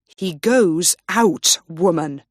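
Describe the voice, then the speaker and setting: Menacing lord giving slow orders, woman reading, kinda low and unhurried. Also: no echo, clean studio sound. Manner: slow, threatening commands. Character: grim, menacing male Scottish lord.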